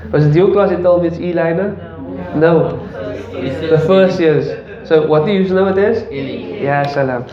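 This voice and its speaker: A man's voice: a little high, a little slow, a crowd in the background. A man teaching Arabic grammar to a class, explaining patiently, quizzing his students and chuckling often. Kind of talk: classroom lesson. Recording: echoey classroom, dull lo-fi audio.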